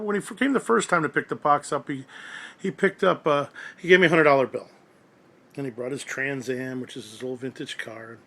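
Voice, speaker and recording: A man's voice: fairly high pitch, vocal fry, fairly bright tone. A man ranting angrily and at length, profane and rambling, about someone who cheated him. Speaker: radio collector ranting to forum. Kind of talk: angry monologue.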